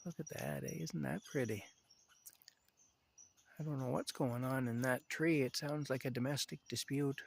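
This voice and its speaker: A man strolls outdoors at night, talking in a loose, rambling way. His voice sits at an ordinary middle pitch, and he often stops to chat fondly with his cat. A faint hiss sits behind him. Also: steady tone, normal speed, gravelly, pauses often. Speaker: vlogger. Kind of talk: casual rambling monologue. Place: outdoors in a rural yard at night.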